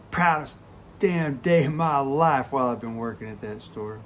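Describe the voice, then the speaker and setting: A man telling a story from his working life in a casual, animated way, full of swearing. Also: medium pitch, normal speed, gravelly, slight background noise. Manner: profane, animated raconteur.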